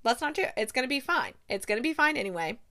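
A woman voicing a calm young man who gently reassures his partner in a soft, hushed voice. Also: a little high, fast talker, heavily acted. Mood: soothing.

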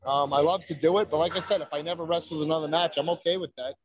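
A man's voice: on the high side, fairly even intonation, racing, muffled recording. A man, a wrestler telling brash, profane stories in a casual podcast chat. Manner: brash, profane, boastful storytelling. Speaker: wrestler guest.

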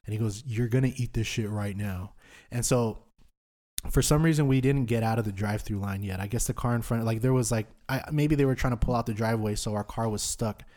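A young man in his twenties tells a night-out story on a podcast, in a fairly low voice. His talk is loose, slangy and full of swearing. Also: fairly quick, a little mellow. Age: 20s. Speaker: podcast host. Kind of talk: storytelling in casual chat.

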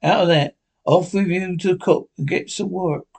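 A man's voice: high voice, fairly even intonation, normal speed, creaky, husky, heavily acted. A man voicing a blunt, formal sea captain who speaks curtly. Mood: stern. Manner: curt, stiff and formal.

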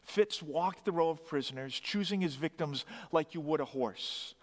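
A man's voice: fairly high pitch, normal speed, hardly any pauses, in a large hall. A man narrating a story dramatically, swelling his emphasis on key phrases.

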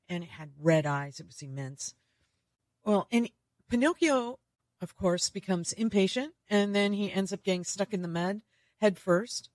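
A woman's voice: fairly low pitch, no room sound. A woman podcast host giving a chatty, playful recap of a story. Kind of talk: casual recap.

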